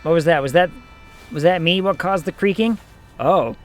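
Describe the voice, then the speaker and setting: A man's voice: on the high side, normal speed, soft background music. A man streaming a game, making sarcastic, joking comments to his viewers as he plays. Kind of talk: live gameplay commentary.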